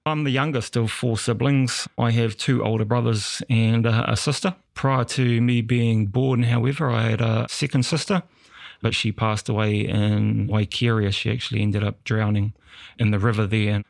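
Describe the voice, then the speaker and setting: A young man with a New Zealand accent tells his own stories in a relaxed, candid way. His mid-range voice has a gravelly edge. He laughs easily as he talks. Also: medium pitch, moderate pace, no echo. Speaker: podcast guest. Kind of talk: personal storytelling.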